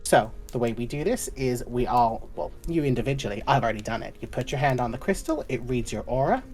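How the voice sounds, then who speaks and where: A woman's voice: rumbling low, sing-song, fairly quick, a little mellow, soft background music. A woman voicing a chatty, fussing female guild receptionist who calls everyone doll and sweetie. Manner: fussy and doting, calls people doll, sweetie and babe.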